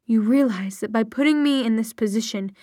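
A woman's voice: a little high, fairly quick, mellow, no echo, studio quality, lightly acted. A woman reading aloud and voicing a stern, tired middle-aged mother with a clipped, commanding manner. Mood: grave.

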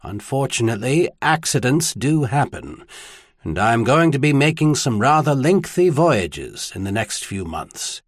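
Casting: male narrator doing a calm older archbishop, measured and husky, audiobook reading. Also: medium pitch, no echo, clean studio sound. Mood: grave. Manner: mild, measured, then grave. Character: older male archbishop, mild and knowing, old friend.

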